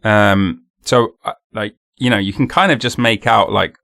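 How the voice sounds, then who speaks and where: A man with a fairly low voice talks straight into a dry, close microphone. He hosts his own podcast in a loose, rambling monologue. He pokes fun at himself and slips into daft voices. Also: measured pace, gravelly, fairly bright tone, no room sound. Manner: rambling, self-mocking, jumps into silly voices. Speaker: podcast host. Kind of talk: casual solo monologue.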